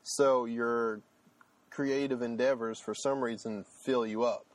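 A man's voice: mid-range voice, fairly even intonation, slow, dry recording. A man co-hosting a podcast in casual chat, rambling with fillers and restarts. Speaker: podcast co-host.

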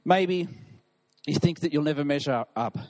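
High-voiced man preaching with passion. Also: moderate pace, darkish tone. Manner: impassioned, emphatic preaching with scripture reading. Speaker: pastor. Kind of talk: sermon.

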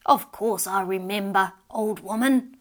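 A gruff old farmer from a storybook, secretly timid , as a woman reader puts him on. He grumbles and mumbles short replies to his wife. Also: on the high side, steady tone, a little slow, a bit bright.

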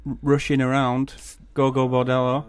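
A man's voice: mid-range voice, monotone, moderate pace, clean tone, no echo. A man co-hosting a podcast in a studio, chatting casually and teasing his guests. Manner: joking, loose, teasing. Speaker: podcast co-host. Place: radio studio.

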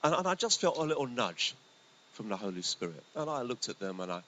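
A male pastor preaching a sermon in a conversational, storytelling way, his voice swinging between lively bursts and hushed asides. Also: mid-range voice, brisk, low-quality recording. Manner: conversational, animated, often drops to a hushed voice. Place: church hall. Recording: faint hiss.

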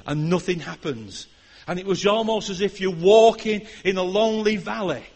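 An older man delivers a sermon as a guest preacher. His voice sits notably high for a man, and he moves between ringing declarations and quiet, intimate prayer. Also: expressive, normal speed. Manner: impassioned, swinging from loud declarations to hushed prayer.

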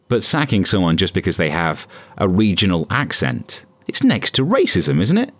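A man delivers a scripted comedy news monologue in a lowish voice that swings widely in pitch. His asides are sarcastic and deadpan. The sound is close and dry, with no room around it. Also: moderate pace, no room sound. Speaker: podcast host.

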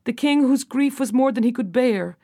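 A woman's voice: high voice, normal speed. A woman narrating a storybook fairy tale, her reading rising and falling with the drama. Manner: expressive, rises and falls with the drama.

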